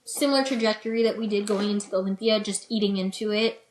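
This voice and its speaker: A woman's voice: medium pitch, fast. Chatty young woman in an echoey room. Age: young adult. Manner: animated, chatty, frequent "like" and "you know". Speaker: interview guest, bikini competitor. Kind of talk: casual interview storytelling. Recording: roomy echo.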